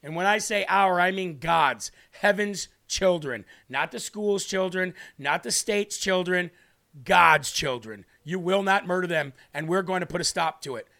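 A man's voice: high-pitched, normal speed, creaky, few pauses, a bit bright. A man hosting a live show, reading scripture aloud and preaching with emphatic, repeated lines. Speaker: livestream show host.

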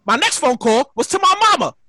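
A woman hosting a podcast, telling a story in a casual, animated way, swearing and repeating her lines. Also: high-pitched, fairly quick, no room sound, clean studio sound. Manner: animated, profane, repeats herself. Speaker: podcast host.

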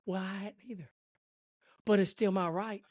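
A man preaching a fervent sermon, his voice pitched very high as he presses each point. He drops to a hush, then climbs back to a full shout. The sound is dry and close. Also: fairly even intonation, normal speed, no room sound.

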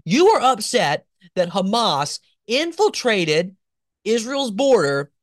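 Sarcastic, animated male political host. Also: high voice, takes it slowly, no echo, studio quality. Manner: sarcastic, animated, with mocking asides. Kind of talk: opinionated political commentary.

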